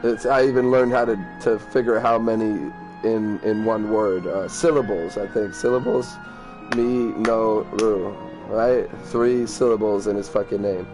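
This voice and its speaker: Man, lowish voice, gameplay commentary, rambling, profane, stumbles over words. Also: fairly even intonation, moderate pace, few pauses, over music. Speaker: let's play gamer. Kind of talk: casual gameplay commentary, reading game dialogue aloud.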